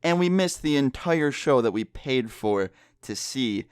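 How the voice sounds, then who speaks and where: Animated yet measured in pace, a young man with a medium-pitched, clear, resonant voice quietly tells a vlog story in a room with people nearby. He's profane and loose, full of filler words, and the studio-quality audio has no echo.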